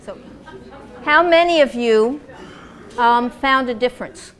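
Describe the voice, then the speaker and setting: A woman lecturing a class on dance and movement therapy in an animated, demonstrative way, acting out example voices. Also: fairly high pitch, slow pace.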